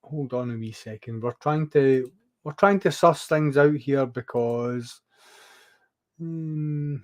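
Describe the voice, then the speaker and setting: A man's voice: medium pitch, slow. A man hosting a casual live stream, narrating his setup and welcoming his guest as pal. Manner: friendly, narrates setting up the stream, calls people pal.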